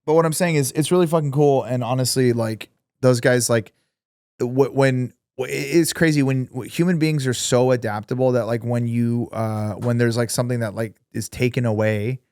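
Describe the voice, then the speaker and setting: A man co-hosts a podcast, chatting casually and rambling with plenty of swearing. His medium-pitched voice is a little mellow and fairly even, moving at a moderate pace, and the studio recording is clean with no room sound.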